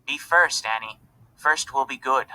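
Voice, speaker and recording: A kindly older foreign gentleman in a storybook, as a male reader plays him, speaking soft, broken English. The tone stays bright and clear. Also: mid-range voice, unhurried, poor audio.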